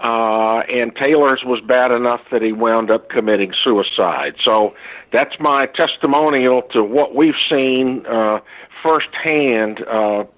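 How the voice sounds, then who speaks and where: Older man on a tinny phone line. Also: medium pitch. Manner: halting, many filler sounds and restarts, earnest. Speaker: interview guest, foundation founder. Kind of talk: recorded interview, earnest testimony.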